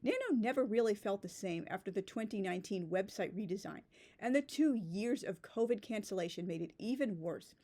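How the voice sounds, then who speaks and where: A woman's voice: medium pitch, animated, brisk, mellow. Rambling, sarcastic woman vlogger. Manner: rambling and sarcastic, heavy use of "like". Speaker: blogger reflecting on a writing community. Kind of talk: casual spoken commentary.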